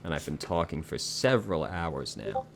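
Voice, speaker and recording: A man's voice: very deep voice, big pitch swings, normal speed, gravelly, a little hiss or hum. A man casually commenting on a game he plays, offhand and joking, with casual swearing. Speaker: let's play host.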